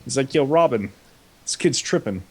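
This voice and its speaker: A man's voice: medium pitch, animated, moderate pace, a little mellow, slightly rough. A young man casually recapping an episode with a comedic twist, paraphrasing the characters in slangy, offhand voices.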